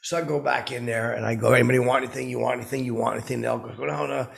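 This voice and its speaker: A man plays a starstruck oddball in a comedic character podcast, rambling through awkward celebrity stories with nervous asides. His voice is heavily gravelly and husky, sitting in an ordinary middle pitch. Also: steady tone, rapid-fire.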